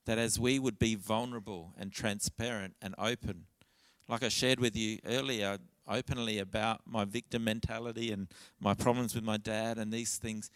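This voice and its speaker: A man's voice: fairly low pitch, fairly even intonation, moderate pace, fairly bright tone, no echo. A man preaching a church sermon in an earnest, candid way, often restarting his phrases.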